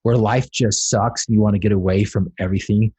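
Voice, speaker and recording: A man's voice: lowish voice, fairly even intonation, brisk, a little mellow, breathy edge. A man speaking as a podcast guest, telling a personal story with dramatic, building emphasis.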